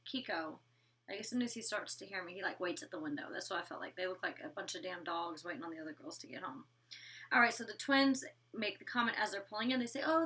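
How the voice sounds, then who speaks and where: A woman in her twenties, formerly on a reality show, offers a casual, blunt, swear-filled recap of an episode. Her voice is medium in pitch, pushed and bright, and recorded from a distance.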